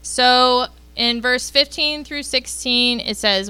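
A woman's voice: sits high, takes it slowly, hardly any pauses, pushed and bright, smooth. A woman leading a youth group, giving a casual Bible lesson and often checking in with the group by asking "okay?".

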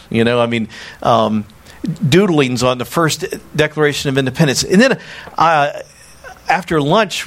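A man with a Southern US accent preaching a sermon, telling stories with excitement and stammering restarts. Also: mid-range voice.

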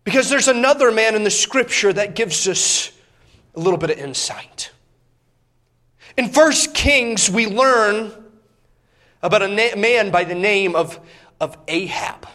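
High-voiced man preaching an animated sermon. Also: measured pace, pauses often. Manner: animated storytelling, acts out biblical characters.

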